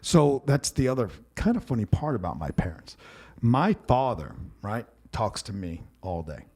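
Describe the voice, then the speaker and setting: A man's voice: fairly low pitch, sing-song, moderate pace, darkish tone. A man in his fifties hosting a podcast, rambling through stories and acting out family members. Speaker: podcast host. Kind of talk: casual storytelling chat.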